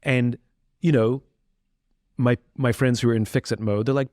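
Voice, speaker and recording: A man's voice: mid-range voice, moderate pace, a little mellow, no room sound. Candid reflective man, dry studio sound. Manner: reflective, candid, frequent restarts and fillers. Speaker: interview guest. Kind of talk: candid conversational interview.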